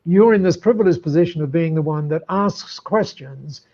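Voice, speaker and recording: Older aussie-raised guy telling a story, repeats himself, a bit high, dull lo-fi sound. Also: normal speed. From Australia. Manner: animated, repeats words while building up a story. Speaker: podcast guest. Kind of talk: storytelling in an interview. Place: room lined with books.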